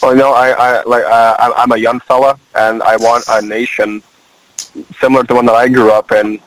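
A man in his twenties calling in to a talk show, speaking in a halting way with frequent stammers and restarts. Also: medium pitch, level tone, no room sound, poor audio. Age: 20s. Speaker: guest caller. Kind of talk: casual call-in talk.

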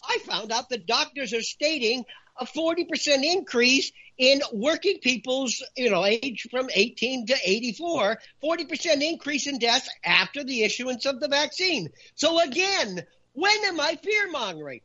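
Man, emphatic talk-show guest, very lively pitch, bright, sharp tone, dull lo-fi audio. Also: moderate pace, husky. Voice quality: raises voice for emphasis. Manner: animated, lists points in a punchy countdown.

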